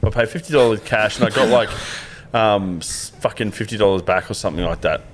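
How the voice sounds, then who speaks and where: A man's voice: fairly low pitch, fairly quick, a little hiss or hum. A man, co-hosting a casual podcast chat, telling rambling stories with plenty of swearing and laughter. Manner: rambling storyteller, swears a lot, laughs often. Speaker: podcast co-host.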